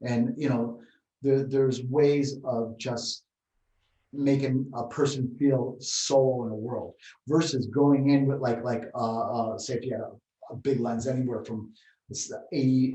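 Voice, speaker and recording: A man co-hosting a martial arts talk show, telling rambling, animated stories in casual chat. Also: mid-range voice, far from the mic. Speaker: martial arts podcast co-host. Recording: roomy, set back from the mic.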